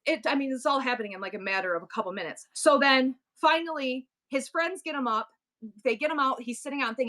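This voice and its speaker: A chatty middle-aged woman with a high voice talks fast as a live-stream seller and host. In this casual storytelling chat she rambles animatedly, with many asides and restarts.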